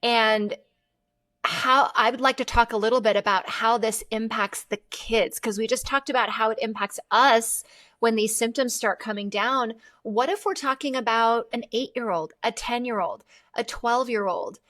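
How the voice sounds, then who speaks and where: This is a woman hosting a conversational podcast. Her voice sits a bit high, and her questions are long and animated. She thinks aloud as she talks. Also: normal speed. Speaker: podcast host. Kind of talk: conversational interview.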